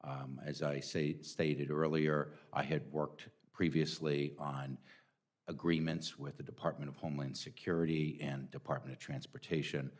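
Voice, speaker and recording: A man testifying as a nominee at a hearing, measured and earnest, with hesitant fillers. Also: extremely low pitch, level tone. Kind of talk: formal testimony. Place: hearing room.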